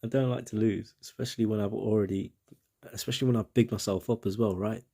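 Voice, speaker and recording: A man's voice: on the low side, steady tone, fast, gravelly, warm tone. A man with a British accent giving casual, rambling commentary on a game, with self-mocking asides.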